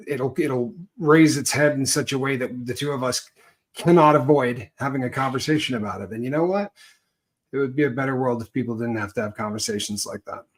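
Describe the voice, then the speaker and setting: A man co-hosts a casual livestream, speaking earnestly with frequent hesitations and filler sounds. His voice sits at an average pitch for a man. He builds his points slowly and thoughtfully. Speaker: co-host. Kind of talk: livestream chat.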